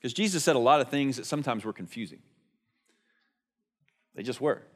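A male pastor preaching a sermon in a conversational way, asking rhetorical questions and moving between emphatic and hushed delivery. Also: medium pitch, expressive, fairly quick.

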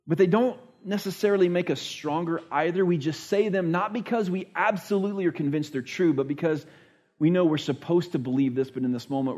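A man's voice: on the high side, darkish tone. A man preaching a conversational sermon, earnest and plain-spoken, often restarting his thoughts and acting out what people say. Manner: earnest, repeats words while restarting thoughts; acts out quoted speech with voices. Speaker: pastor.

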